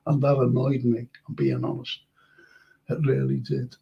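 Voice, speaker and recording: Chatty older Liverpool man, gravelly. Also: mid-range voice, sing-song, moderate pace, highs cut off. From Liverpool, England. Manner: chatty and rambling, reads out comments, laughs easily. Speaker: host of online history and chat show. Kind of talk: casual live-stream chat reading viewer comments.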